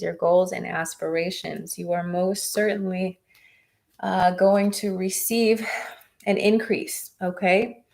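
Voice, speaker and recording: A woman's voice: on the low side, gravelly. A woman giving live-stream tarot readings, chatting with viewers in an encouraging way. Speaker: tarot reader.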